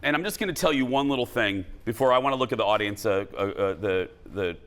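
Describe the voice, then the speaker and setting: Bright-voiced joking male talk show host. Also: on the low side, lively intonation, fast. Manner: chatty, joking, rambling with fillers. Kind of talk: casual studio chat. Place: TV studio with audience.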